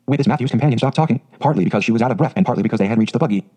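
Fast, husky male audiobook narrator. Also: mid-range voice, poor audio. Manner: steady storybook reading. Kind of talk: scripted narration.

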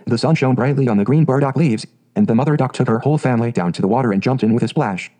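A man narrating a fairy tale in a calm, measured way. His voice is mellow and warm, pitched at an ordinary middle height. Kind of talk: storybook narration.

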